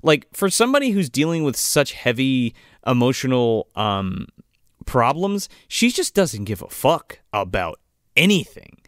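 Lively, laughing man riffing on a movie. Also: mid-range voice, unhurried, dry recording, clean studio sound. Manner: crude, laughing, acts out characters. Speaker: podcast co-host. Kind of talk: casual movie-riffing chat.

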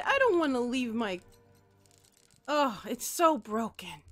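Brief: woman gamer, let's-play commentary, unhurried, bright tone, chats to the game objects. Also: a little high, soft background music. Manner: talks to the game and its objects, swings between mopey and excited outbursts.

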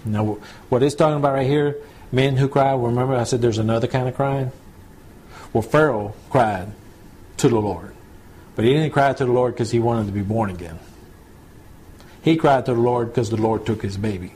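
A man preaching at a relaxed, conversational pace in a small home-church setting. His voice is mid-pitched and mellow, and he often checks that his listeners are following. A faint hiss sits beneath the recording. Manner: conversational, checks in with listeners, slows to read scripture. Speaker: pastor. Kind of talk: home church Bible teaching.

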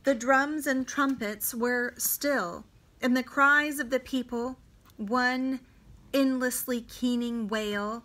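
Slow, deliberate woman reading a novel aloud. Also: fairly high pitch, steady tone, a bit bright. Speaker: reader for homeschool students.

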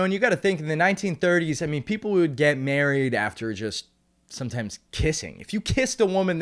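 Rambling deadpan American comedian, lively pitch. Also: male voice. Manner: rambling, with dry asides and self-interruptions. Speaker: podcast host and stand-up comedian. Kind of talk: deadpan comic monologue. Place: room at home, recording alone on camera.

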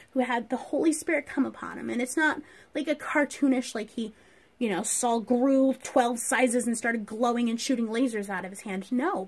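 Woman teacher doing a bible lesson for kids, high voice, lively storytelling, asks little questions. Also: breathy edge. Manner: animated storytelling with rhetorical questions.

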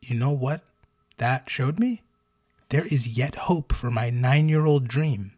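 Guy cohosting a chill podcast, regular mid pitch, tells stories and gets loud at the punchlines. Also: slow pace, husky. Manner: storytelling, animated bursts for punchlines. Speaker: podcast co-host. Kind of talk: casual podcast chat.

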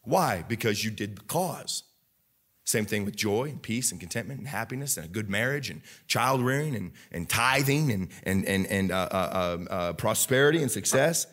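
In an expressive male voice with a Midwestern American accent, a pastor preaches, alternating between low earnest talk and loud fervent bursts. The delivery is halting, marked by many restarts and fillers.

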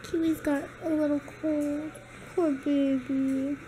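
A woman's voice: high voice, level tone, slow pace, mellow. A woman vlogging casually at home and out on walks, chatting to the camera and breaking into squealy baby talk with her pets. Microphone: handheld compact camera. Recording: noisy handheld home recording.

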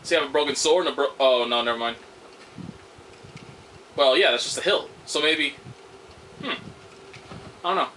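A man commentating on his own gameplay, swearing loudly at the game and making sarcastic remarks. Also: fairly high pitch, moderate pace, long pauses, a little hiss or hum. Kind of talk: let's play commentary.

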